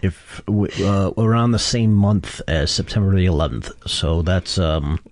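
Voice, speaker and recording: Man, low voice, mellow, halting, podcast host, dry close sound. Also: dry recording. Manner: halting, full of restarts. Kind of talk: casual chat.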